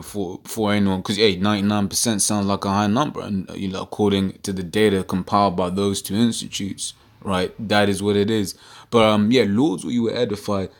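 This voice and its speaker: A man with a fairly low voice talks through scripture verses in a loose, conversational preaching style. He reads passages aloud, then explains them with plenty of fillers and keeps checking in with "right?". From United Kingdom. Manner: quotes scripture, many fillers and "right?" tags. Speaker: online preacher. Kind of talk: casual scripture commentary video.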